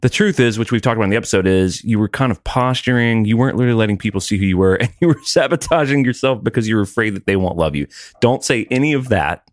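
A man co-hosting a casual podcast chat, coaching his friend with a lively, laughing delivery. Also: on the low side, quick pace, no room sound, clean studio sound. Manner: animated, coaching, laughs often. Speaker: podcast co-host giving advice.

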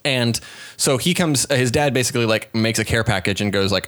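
Laid-back podcast dude rambling through a bible story, does silly voices for the quotes, mid-pitched. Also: male voice, brisk, a bit bright. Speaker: podcast co-host. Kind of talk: casual retelling of a Bible story.

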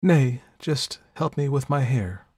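A man's voice: mid-range voice, expressive, slow, a little mellow, husky, no echo, studio quality, pitched above the performer's own voice. A man reading aloud, voicing a jealous, proud elder sister with a cold, clipped manner. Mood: coaxing.

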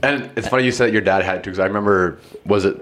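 A man's voice: on the low side, racing, background noise. A young man co-hosting a casual podcast chat with friends, laid-back and rambling, swearing freely. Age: young adult. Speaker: podcast co-host.

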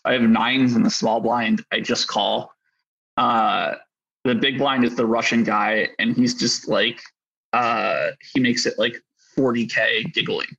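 A man's voice: medium pitch, fairly even intonation, unhurried, gravelly, fairly bright tone, lo-fi sound. A man casually telling a rambling story about poker hands, full of fillers and self-deprecating asides. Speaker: poker player guest.

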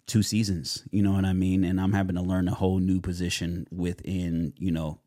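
A young adult man, a guest in a casual interview, telling his story in an animated way with lots of fillers and acted-out quotes. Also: low voice, a little fast, no echo, studio quality. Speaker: guest, actor.

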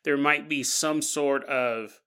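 A man's voice: fairly high pitch, fairly even intonation, slow pace, sharp tone, clean tone. A man hosting a podcast, telling ghost stories casually with playful, jokey asides. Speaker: podcast host. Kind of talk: casual paranormal storytelling.

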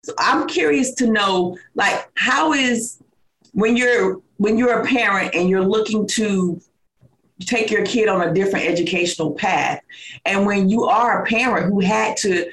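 A woman's voice: a little slow, a bit bright. An upbeat woman host chats with her guest and keeps affirming her with big energy. Her voice rings in a roomy, echoey space. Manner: enthusiastic, affirming, high energy. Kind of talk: casual interview chat.

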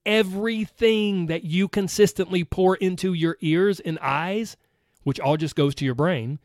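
A man's voice: high voice, unhurried, darkish tone, no echo, studio quality. A man hosting a motivational podcast, talking earnestly and acting out his listeners' objections. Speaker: podcast host.

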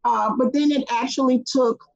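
A middle-aged woman, a guest, tells a story in an animated chat and acts out the voices of people she quotes. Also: high-pitched, moderate pace, vocal fry. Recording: dull lo-fi sound.

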